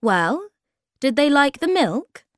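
A woman voicing a kindly motherly female creature who speaks gently and welcomingly. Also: high voice, big pitch swings, slow, dry recording, clean studio sound, voice pushed up, heavily acted.

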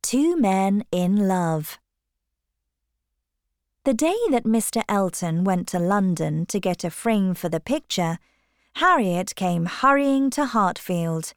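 A woman narrating a chapter of a novel in slow, clear scripted narration. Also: medium pitch, expressive, no echo, clean studio sound.

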